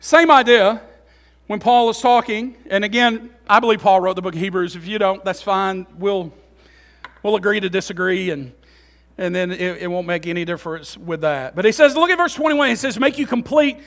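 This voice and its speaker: A pastor preaching a sermon, swinging between loud, emphatic passages and quiet, low asides, often repeating and restarting his phrases. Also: moderate pace.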